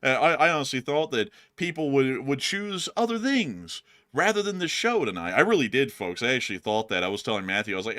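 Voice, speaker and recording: A man's voice: mid-range voice, expressive, a little fast, hardly any pauses, sharp tone. A man hosting a live news-commentary stream, talking in a rambling way with lots of fillers and repeated words as he thanks viewers. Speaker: host.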